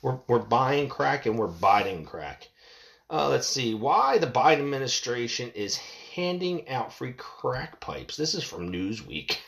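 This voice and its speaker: A man's voice: medium pitch, big pitch swings, measured pace, creaky, fairly bright tone. A man ranting in a casual, profane, rambling way, stumbling over restarts and swearing often. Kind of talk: casual rant to camera.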